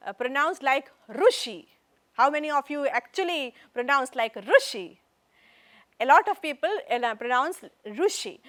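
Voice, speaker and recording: High-voiced Indian woman lecturing. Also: sharp tone. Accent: Indian English. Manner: explanatory, counts out recitation patterns, switches into Hindi asides. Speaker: university lecturer. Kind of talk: classroom lecture. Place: classroom.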